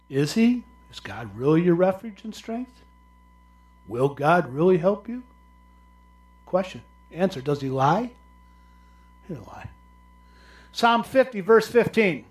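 A male pastor preaching a sermon, swinging from loud, raised cries down to low, quiet murmurs. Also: big pitch swings, measured pace, long pauses.

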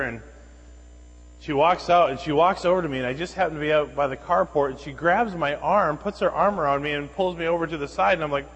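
Animated preacher man in an echoey hall. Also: fairly high pitch, breathy edge. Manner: animated anecdotes, acting out quoted voices. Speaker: pastor. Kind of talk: sermon with storytelling.

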